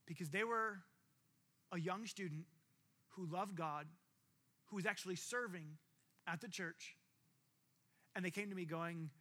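A man's voice: high voice, a little slow, pauses often, pushed and bright. A man preaching a sermon as pastor, conversational, acting out what his listeners might say.

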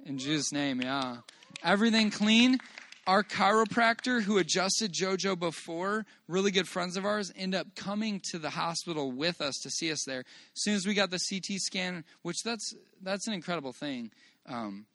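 A man's voice: high voice, animated, sharp tone, dry recording. Earnest man sharing a church testimony. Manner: earnest, halting storytelling with praise to God. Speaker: father giving a church testimony. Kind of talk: personal testimony to a congregation. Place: church meeting room.

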